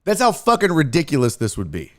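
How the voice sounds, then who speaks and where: A man's voice: fairly high pitch, wildly swooping pitch, quick pace. A man hosting a sports stream, ranting in a profane, exasperated way and mocking others in sing-song asides. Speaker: sports show host. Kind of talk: live-streamed sports rant.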